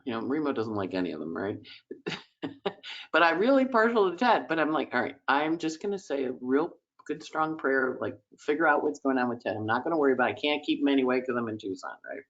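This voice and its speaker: A woman's voice: very deep voice, dull audio. A woman host giving a chatty weekly astrology forecast, emotional and teary at times, acting out little voices in quotes.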